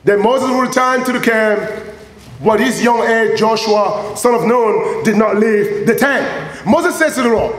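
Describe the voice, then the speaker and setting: A man preaching a sermon, lively and playful, urging his congregation on. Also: high-pitched, a little slow. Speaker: pastor. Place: church sanctuary. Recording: echoey church hall with faint ambience.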